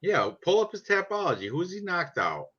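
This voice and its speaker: A man's voice: high-pitched, very animated, normal speed, over a noisy crowd. A man chatting casually about sports picks in a brash, profane, joking way. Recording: dull lo-fi sound.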